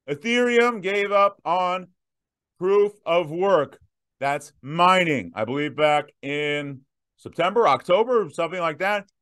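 A man in his thirties hosting a viewer Q&A, emphatic and direct, slowing down to stress his points. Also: sits high, fairly bright tone, clear, resonant tone. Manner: emphatic, punchy repetitions, slows down to stress points. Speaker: host answering viewer questions. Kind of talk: direct-to-camera Q&A.

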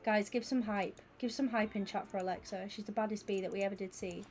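A woman, chatting casually and excitably with viewers during a gaming stream. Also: medium pitch, quick pace, faint music behind. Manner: excitable and gushing, chatting with viewers while she plays. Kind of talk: casual live-stream chat.

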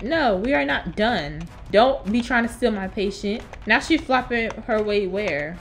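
A woman's voice: mid-range voice, animated, unhurried, hardly any pauses. A young woman chatting through a role-play video game as a sassy nurse character, teasing and talking back. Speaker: gaming YouTuber playing a nurse character. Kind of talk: Roblox role-play commentary. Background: game background music.

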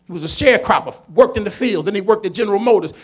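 A man, a comedian telling a story to an audience, preachy and emphatic, building to shouts. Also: high voice, animated, rapid-fire, breathy edge. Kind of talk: storytelling talk to a conference audience.

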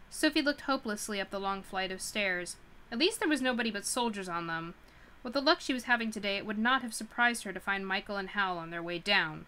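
A woman's voice: mid-range voice, a little fast, sharp tone, slight background noise. A woman hosting a book club livestream, reading a novel aloud and often stumbling and correcting herself.

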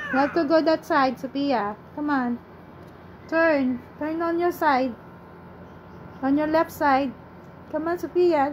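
A woman's voice: high-pitched, slight background noise, rough recording. A woman, a vlogger coaxing her young pet in sing-song baby talk, pleading and cheering it on.

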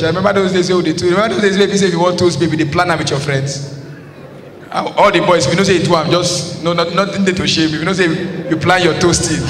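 Nigerian man, stand-up storyteller, laughs as he talks, roomy hall echo, noisy. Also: sits high. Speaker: stand-up comedian. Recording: echoey hall with clear noise.

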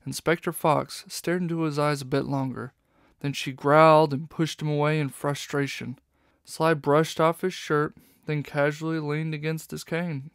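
A man reading an audiobook in steady, even scripted narration. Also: mid-range voice, normal speed, vocal fry, clear, resonant tone, no room sound, studio quality.

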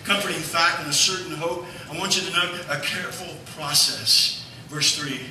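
A male pastor preaching a sermon, telling a family story in a folksy, animated way. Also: on the high side, normal speed, slight background noise. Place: church sanctuary. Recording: echoey church hall from far off.

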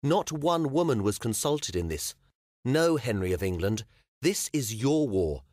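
A man's voice: medium pitch, big pitch swings, a little slow, a little mellow, dry recording, clean studio sound, pitched above the performer's own voice. A male audiobook narrator voicing a proud, blunt young medieval queen who speaks firmly and plainly. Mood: defiant. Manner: firm, commanding, matter-of-fact. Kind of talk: audiobook character voice.

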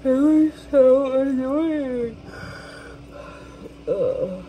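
A woman's voice: fairly low pitch, gravelly, slight background noise, poor audio. A young adult woman telling a frustrated, swear-filled story to her camera in a casual vlog. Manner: ranting, swears freely, lots of fillers. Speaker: vlogger.

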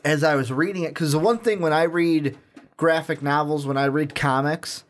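Brief: man, fairly high voice, earnest and emphatic co-host in casual chat. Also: moderate pace. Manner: earnest, emphatic, repeats himself.

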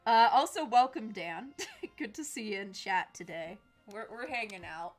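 A woman's voice: mid-range voice, expressive, moderate pace, faint music behind. Giggly young woman streaming a game. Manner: giggly, chatty. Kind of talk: casual game stream chat.

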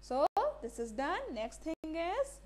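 A woman's voice: high voice, very animated, takes it slowly, a little mellow. A woman teacher, giving a classroom lesson, asking the class questions and repeating key words, now and then slipping into Hindi. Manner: mixes Hindi phrases into English.

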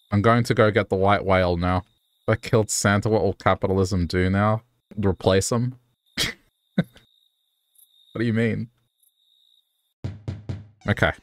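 A man's voice: a bit bright, smooth, dry recording. Male streamer, casual and jokey, dry close sound. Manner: playful, jokey, pitching silly cons. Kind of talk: casual gaming stream chat.

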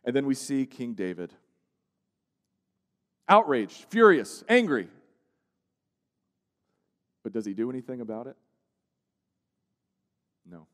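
A man's voice: medium pitch, moderate pace, pauses often, clean tone. Preaching man in a reverberant church. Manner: preaching with swings from hushed to emphatic. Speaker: pastor. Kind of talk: sermon. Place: church sanctuary. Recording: long church-hall reverb.

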